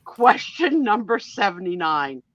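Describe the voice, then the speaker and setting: A woman in her sixties hosting a casual live-stream chat, talkative and quick to laugh. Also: medium pitch, no echo, highs cut off. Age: 60s. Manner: chatty and animated, laughs easily. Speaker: host.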